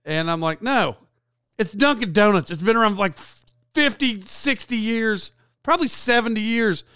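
Rambling high-voiced man, close and dry. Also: moderate pace, clear, resonant tone, no room sound. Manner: rambling, animated, with many restarts and side notes. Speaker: YouTuber. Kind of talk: casual storytelling vlog.

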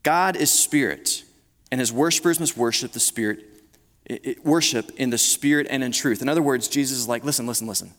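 Speaking a little fast in a mid-range, slightly bright voice, this pastor delivers a conversational sermon before a live congregation and keeps starting his sentences over. A large hall's long reverb surrounds the audio.

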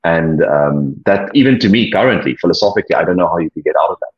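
A man being interviewed, speaking reflectively in a halting way, often repeating words and pausing with ums. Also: sits low, animated, husky. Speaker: interview guest, former church leader. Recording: dull lo-fi audio.

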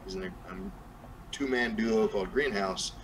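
Low-voiced man with a Southern drawl. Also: normal speed, slight background noise, low-quality recording. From New Mexico. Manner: rambling, many fillers and restarts. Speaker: guest rapper. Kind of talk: casual podcast chat.

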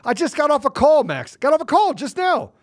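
An agitated man, a guest on a talk show, ranting angrily and forcefully, often repeating himself. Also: very high voice, very animated, fairly quick. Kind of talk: heated political rant.

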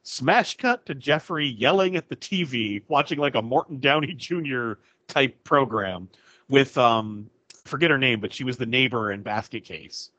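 A man's voice: medium pitch, moderate pace, no room sound, muffled recording. A man co-hosting a podcast, animatedly retelling a movie's scenes and acting out bits of dialogue. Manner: animated retelling, acts out lines, laughs often. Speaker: podcast co-host. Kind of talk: casual film recap chat.

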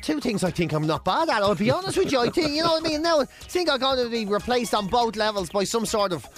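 A man's voice: extremely high pitch, fast, soft background music. A man co-hosting a morning radio show, telling stories with comic asides in casual banter. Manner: animated storyteller, comic asides.

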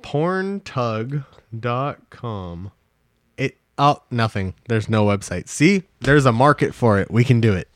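A man's voice: mid-range voice, normal speed, hardly any pauses, no echo, studio quality. Rambling, swearing young man telling stories. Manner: rambling storyteller, swears a lot. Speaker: podcast co-host. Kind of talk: casual chat.

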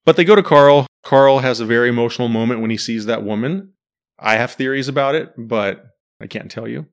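A man's voice: medium pitch, a little fast. Man animatedly talking through a TV series. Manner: animated, quizzes his co-host. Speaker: podcast host discussing a TV series. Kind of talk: casual chat.

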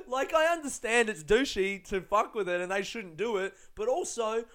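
Young Aussie guy, somewhat high pitch, casual anecdote, rambles with fillers and cussing. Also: moderate pace, a bit bright. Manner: rambling, lots of fillers and swearing, laughing often. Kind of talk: casual storytelling.

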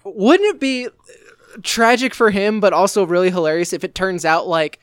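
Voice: mid-range voice, moderate pace, clean tone, no room sound, studio quality. A podcast co-host in casual chat, giggly and rambling. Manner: giggly, rambling, many fillers.

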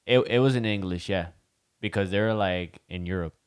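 A young man co-hosts a podcast in loose, casual chat, his voice sitting a little low. He swears freely and slips Spanish phrases into his talk. The sound is dry and close. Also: normal speed, clean tone, no room sound. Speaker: podcast co-host.

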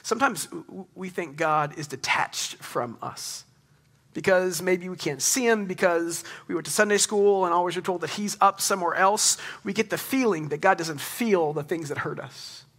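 A man's voice: high voice, normal speed, a bit bright. A young man preaching a sermon to a congregation, earnest and conversational, with emphatic rising questions. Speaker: pastor.

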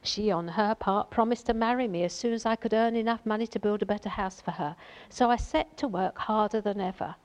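Brief: woman reading a gentle storybook tin man, wistful and kind, near her own voice. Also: medium pitch, fairly quick, hardly any pauses, lightly acted.

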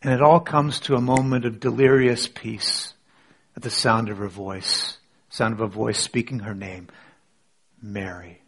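Male pastor, husky tone, sermon with hushed dramatic moments. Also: mid-range voice, steady tone, normal speed. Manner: dramatic, drops to near whisper for emphasis. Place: church with online audience.

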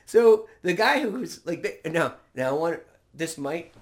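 Man co-host, crude and rambling, slightly higher pitch. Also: very animated, unhurried. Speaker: podcast co-host. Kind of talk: casual chat.

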